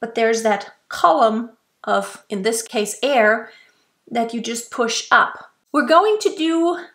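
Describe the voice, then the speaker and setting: Woman vocal coach, slightly high, slow and patient teaching delivery. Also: expressive, a bit bright. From Germany. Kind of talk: instructional explanation.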